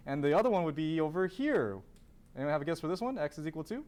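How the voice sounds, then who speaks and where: A man's voice: on the high side, big pitch swings, fast, darkish tone. A man teaching a calculus class, asking students questions, then answering them himself and repeating key terms. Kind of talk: classroom lecture.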